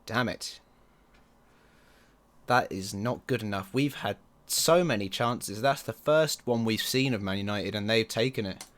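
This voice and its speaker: A man commenting on his own football management game, excitable and quick to groan or yell at the match. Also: fairly low pitch. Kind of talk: let's play commentary.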